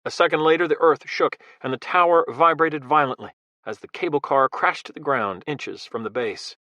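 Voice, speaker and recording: Bright, dramatic male audiobook narrator. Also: fairly high pitch, no room sound, muffled recording. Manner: measured, dramatic storytelling.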